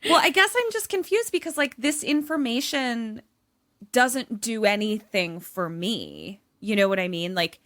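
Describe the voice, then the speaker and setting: A woman's voice: on the high side, sing-song, a little slow, pushed and bright, no room sound, clean studio sound. A woman co-hosting a podcast over a remote call, reacting to a film plot with profane, indignant rants. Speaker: podcast co-host. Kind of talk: casual chat reacting to a film.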